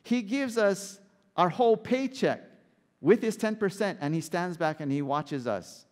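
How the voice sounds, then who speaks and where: A man preaching a sermon as pastor, animated and asking the congregation rhetorical questions. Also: high voice, a little slow, big-room sound.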